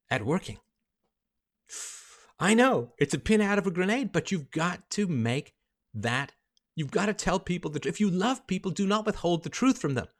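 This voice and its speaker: A man hosting a livestream monologue, emphatic and lecturing, walking through numbers step by step. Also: mid-range voice. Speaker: livestream host.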